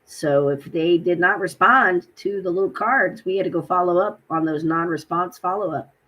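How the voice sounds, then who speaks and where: Husky woman telling a frustrated story. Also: lowish voice, normal speed. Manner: animated storytelling, acts out both sides of phone calls. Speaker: vlogger. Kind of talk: casual personal vlog.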